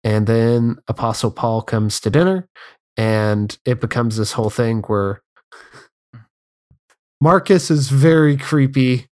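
A man co-hosting a podcast, recapping a film's plot in a relaxed, casual way with fillers and dry remarks. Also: medium pitch, takes it slowly, long pauses. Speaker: podcast co-host. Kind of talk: casual film discussion chat.

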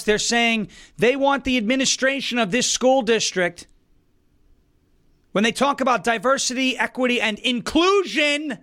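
A man's voice: very high voice, sharp tone. A man hosting an opinion show, delivering indignant, emphatic commentary. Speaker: political commentary host.

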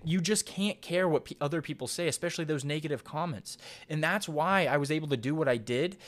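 A young man in his twenties hosting his own podcast, talking in a casual, earnest monologue that rambles and restarts. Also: a little high. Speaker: podcast host.

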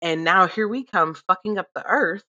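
Animated, foul-mouthed woman chatting. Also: lowish voice, moderate pace, muffled recording. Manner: animated, swearing, laughing often. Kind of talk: casual profane chat.

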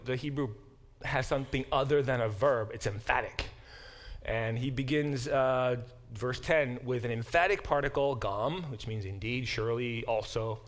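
A middle-aged man teaching a Bible class, explaining verses, often correcting himself, and reading passages aloud with emphasis. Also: medium pitch. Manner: explanatory, digressive, self-correcting; reads verses aloud with emphatic, lifted delivery. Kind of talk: lecture.

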